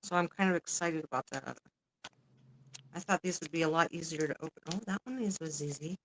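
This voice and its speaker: A woman's voice: low voice, fairly quick, slight background noise, poor audio. A woman hosting a casual crafting livestream, chatty and swearing casually as she works. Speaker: livestream host. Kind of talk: casual chat while crafting.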